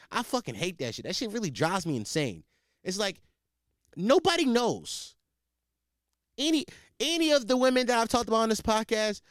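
A man's voice: high-pitched, no room sound, clean studio sound. A man hosting a podcast, ranting in a profane, comedic monologue with frequent restarts. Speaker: podcast host.

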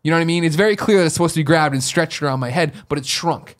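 A young adult man co-hosting a podcast, telling a story in excitable, animated casual chat. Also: a little high, rapid-fire. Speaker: podcast co-host.

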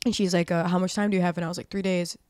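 A woman's voice: lowish voice, flat delivery, racing, a little mellow, no room sound, clean studio sound. A woman in her twenties, a podcast guest, telling stories in casual talk, swearing often, leaning on "like" and acting out quoted dialogue. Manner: profane, heavy use of "like". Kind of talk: casual storytelling.

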